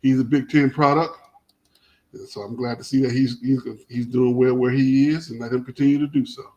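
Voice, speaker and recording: A man's voice: mid-range voice, fairly quick, lo-fi sound. Rambling man hosting sports talk. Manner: rambling, animated storytelling with many restarts. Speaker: sports talk show host. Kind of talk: casual sports chat.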